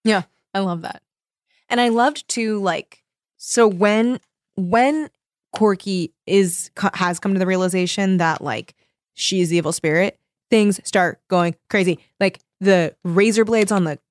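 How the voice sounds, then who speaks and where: A woman's voice: mid-range voice, measured pace, no room sound, studio quality. A woman co-hosting a casual chat, reading aloud from a horror novel and playfully acting out the characters' lines. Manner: animated, laughing, acts out characters' lines. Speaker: podcast co-host.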